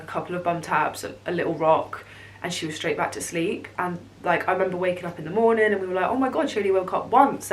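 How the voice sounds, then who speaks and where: A young woman telling a personal story on her vlog, emotional and halting, close to tears. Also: lowish voice, fairly bright tone, a little hiss or hum. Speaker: vlogger.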